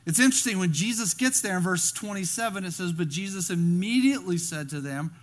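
A man preaching a sermon, animated and storytelling, acting out scenes and often restarting his words. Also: sits high, moderate pace, few pauses. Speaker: pastor.

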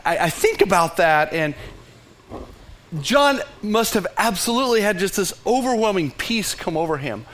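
Male pastor, high register, earnest sermon delivery that swings from loud to hushed. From Texas. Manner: earnest, stammering restarts, dramatic dips to near whisper.

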